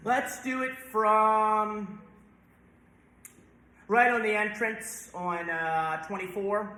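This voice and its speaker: A man's voice: high-pitched, bright, forceful tone, a little hiss or hum. A man directing a choir rehearsal, breaking into song to demonstrate and stopping often to correct the singers. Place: church sanctuary. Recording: very echoey church room.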